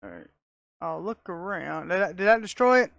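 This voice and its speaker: Excitable woman narrating her gameplay. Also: on the low side, normal speed, vocal fry, dry recording. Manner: excitable, talks to herself, laughs often. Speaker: gamer. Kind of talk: casual gameplay commentary.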